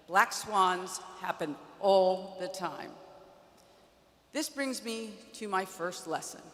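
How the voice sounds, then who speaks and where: A woman around 60 giving a prepared commencement keynote from a podium, measured and wry, with dry humor in her storytelling. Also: mid-range voice. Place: large indoor arena. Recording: long arena reverb.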